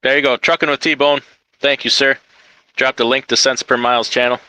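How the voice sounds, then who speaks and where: This man hosts a casual live stream about trucking and keeps teasing his guest. His voice is bright and forceful. The sound is dry and close to the mic. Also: medium pitch, level tone, brisk, no room sound, rough recording. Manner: joking, teasing.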